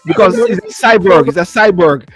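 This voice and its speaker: A man's voice: sits high, lively intonation, normal speed, faint music behind. A Jamaican man joking on a talk show panel, stumbling over his starts and laughing. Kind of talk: joking casual chat.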